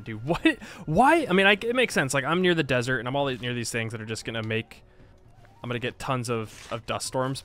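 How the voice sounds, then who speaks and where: A man's voice: medium pitch, a bit bright. A man giving casual let's-play commentary on a strategy game, playful and self-mocking, laughing often. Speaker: gaming video creator.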